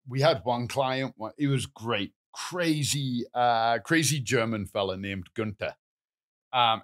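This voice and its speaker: A man co-hosting a gardening podcast, giving confident advice and telling animated stories. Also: on the low side. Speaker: gardening expert co-host. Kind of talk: casual podcast chat.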